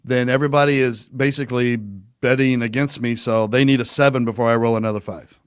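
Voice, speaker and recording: A man's voice: mid-range voice, fairly even intonation, a little fast, smooth, no room sound, studio quality. A man co-hosting a podcast, telling rambling stories in casual, profane chat. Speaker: podcast co-host.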